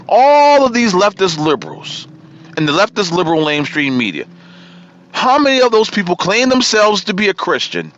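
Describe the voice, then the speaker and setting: A man with a high-pitched, fairly bright voice hosts a political talk show, and the recording has its highs cut off. In his fiery radio monologue he rants, repeats himself for emphasis, and names the people he's aiming at.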